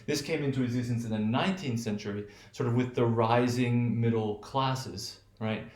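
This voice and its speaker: A man's voice: medium pitch, moderate pace, a little mellow. A man teaching English pronunciation in a loose lecture, thinking aloud with many fillers and repeated "right?" checks. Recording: echoey room.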